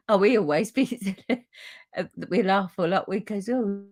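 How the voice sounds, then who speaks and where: A woman's voice: medium pitch, darkish tone. A woman in her fifties hosting a live papercraft stream, chatting casually and constantly breaking into giggles. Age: 50s. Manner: giggly, keeps breaking into laughter and apologizing. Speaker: papercraft livestream host. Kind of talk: casual live crafting chat.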